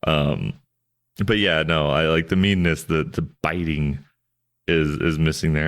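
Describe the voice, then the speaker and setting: A podcast co-host chats casually about a film, rambling, cracking jokes, interrupting himself, and restarting often. His voice is a rumbling low, a little slow and a bit bright, with fairly even intonation.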